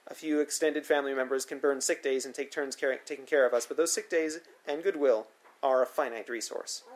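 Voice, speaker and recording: Dry, wry male memoir narrator. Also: a little high. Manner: dry, wry, matter-of-fact storytelling. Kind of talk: first-person memoir narration.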